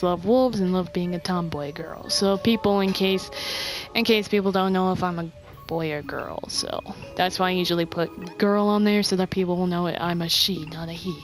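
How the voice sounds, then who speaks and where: A woman giving casual gameplay commentary for her video, rambling and halting with many restarts. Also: on the low side. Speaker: game video creator.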